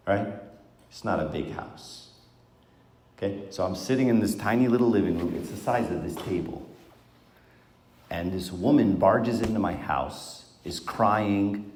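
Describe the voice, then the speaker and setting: A man's voice: low voice, darkish tone, a little hiss or hum. A man giving an informal Bible talk to a small group around a table, asking them questions in a conversational way. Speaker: Bible teacher. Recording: echoey room.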